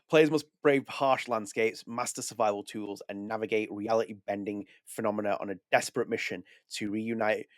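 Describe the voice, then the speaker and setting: A chatty man hosts a casual podcast, his voice sitting fairly low. He often stumbles, restarts and reads passages aloud. The sound is dry and close. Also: steady tone, moderate pace, hardly any pauses, no echo. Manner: chatty, self-correcting, reads press text aloud. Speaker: podcast host.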